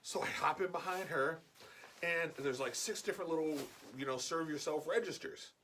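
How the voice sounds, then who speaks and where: A man's voice: fairly high pitch, normal speed, slight background noise. A man casually telling an anecdote in a chatty way, acting out the dialogue as he goes. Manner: animated, chatty, full of "like" and acted-out quotes. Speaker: guest storyteller.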